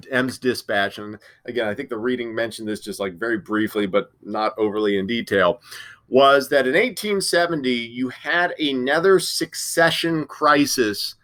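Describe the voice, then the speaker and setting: A man lecturing on history to a class in a loose, conversational way, with many fillers and restarts. His voice sits at an ordinary mid pitch for a man, and he talks through the material informally. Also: lively intonation, moderate pace, fairly bright tone. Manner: casual, filler-heavy, frequent restarts. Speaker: history teacher.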